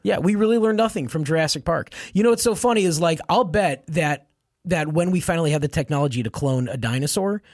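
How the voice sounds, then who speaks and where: A man's voice: fairly high pitch, fast, a little mellow, no echo. Dry-miked, wry male podcast co-host. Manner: laughs easily, wry asides. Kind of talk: casual comedic chat.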